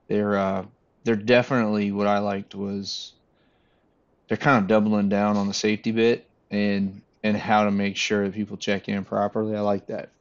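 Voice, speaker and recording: Low gravelly man, muffled sound. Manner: relaxed, laughs between points. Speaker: podcast co-host. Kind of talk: casual chat.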